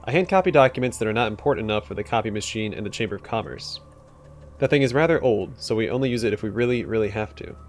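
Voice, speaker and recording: A man voicing a nervous male clerk who keeps bursting out with shouted word lists and then apologizes. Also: on the low side, expressive, quick pace, a little hiss or hum. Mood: twitchy.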